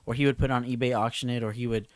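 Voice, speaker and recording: A man's voice: mid-range voice, steady tone, rapid-fire, dry recording. A man hosting a podcast in a laid-back, casual way, often calling his guest bro. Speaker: podcast host.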